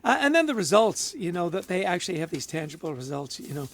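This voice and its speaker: A man's voice: high-pitched, very animated, fast talker, fairly bright tone. A man co-hosting a podcast in casual chat, upbeat and friendly, laughing easily as he bounces ideas off his co-host.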